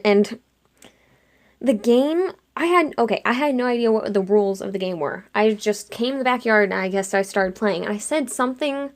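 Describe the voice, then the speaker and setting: A young woman chatting casually while she sketches, retelling a dream in an animated way and acting out her own lines with lots of "like". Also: mid-range voice. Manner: chatty, animated quoting of herself with frequent "like". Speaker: art vlogger.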